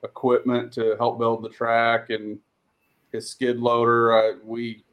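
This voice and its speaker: A man who is a guest on a podcast, organizing a local tractor pull, chatting casually and telling stories in a relaxed way. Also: mid-range voice, takes it slowly, dull audio. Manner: storytelling, relaxed, animated when telling stories. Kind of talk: casual chat.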